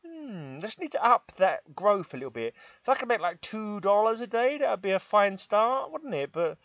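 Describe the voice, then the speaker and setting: A middle-aged man with an English accent rambles to his laptop in his room, tired and wryly mocking himself, with sighs and chuckles. His voice sits a touch high. The sound is dull and lo-fi, with a dry, close feel. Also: sing-song, moderate pace, fairly bright tone, dry recording. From England. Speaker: vlogger. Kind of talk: casual vlog monologue. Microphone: laptop microphone.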